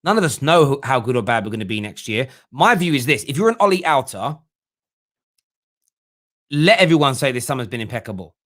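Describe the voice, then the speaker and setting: A man's voice: mid-range voice, very animated, brisk, a bit bright. A young man hosting a casual football fan live stream, joking and reading viewers' comments aloud. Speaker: fan channel host.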